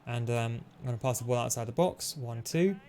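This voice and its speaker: A man giving fast, analytical play-by-play commentary over his own football video game match, explaining tactics with frequent fillers. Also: medium pitch, dark tone, slight background noise. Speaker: gaming tutorial host. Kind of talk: gameplay commentary.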